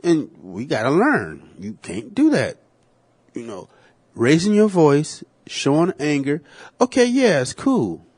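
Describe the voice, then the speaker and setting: A man's voice: fairly high pitch, huge pitch swings, slow, darkish tone, husky. A man co-hosting a podcast in casual chat, blunt and opinionated with lots of slang and swearing. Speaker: podcast co-host.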